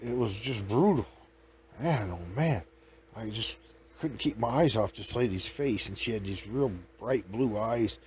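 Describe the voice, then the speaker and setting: A man's voice: fairly low pitch, lively intonation, measured pace, darkish tone, slight background noise. Folksy man telling rambling comic stories. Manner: folksy, rambling, laughs at his own stories. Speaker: host.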